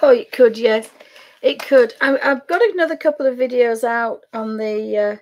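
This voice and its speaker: A woman's voice: a little high, normal speed, darkish tone, lo-fi sound. Rambling, chatty Yorkshire woman. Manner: rambling, chatty, wandering off mid-sentence. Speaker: craft vlogger. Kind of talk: casual chat to camera.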